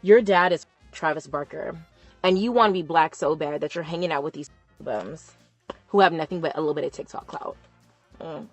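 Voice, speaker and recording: A young woman talks straight into a close mic in a dry, dead room, her voice sitting on the low side. She rants in a chatty, emphatic way and drags out key words for effect. Soft music plays faintly underneath. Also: dry recording. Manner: chatty, emphatic, drawn-out stresses. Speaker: commentator. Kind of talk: casual opinion rant.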